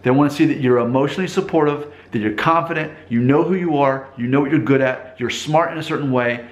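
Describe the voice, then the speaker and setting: A man talks straight to the camera in an echoey room, giving advice off the cuff. His voice sits at an ordinary middle pitch. He is earnest and rambling, often stopping to restart his sentences. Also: fast. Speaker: vlogger giving dating advice. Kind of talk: unscripted advice monologue.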